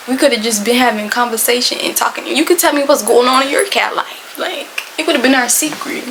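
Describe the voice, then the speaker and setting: A young woman telling a storytime to camera, animated, emphatic and slangy. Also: a little high, brisk, hardly any pauses, slight background noise, poor audio. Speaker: storytime vlogger.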